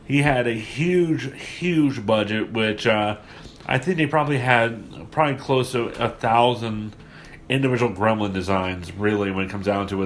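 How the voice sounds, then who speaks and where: A man with a medium-pitched voice hosts a casual movie review podcast, rambling with lots of fillers and restarts. It's recorded remotely at the guests' home, with a little hiss or hum.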